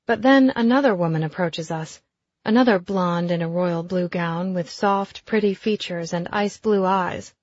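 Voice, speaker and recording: A woman reading a first-person audiobook in an even, intimate storytelling voice. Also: lowish voice, normal speed, no echo, lo-fi sound. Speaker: audiobook narrator.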